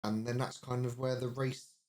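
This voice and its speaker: A man's voice: medium pitch, level tone, moderate pace, darkish tone. A man co-hosting a podcast, recounting race events in a brief, matter-of-fact way. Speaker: podcast co-host. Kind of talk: casual race recap chat.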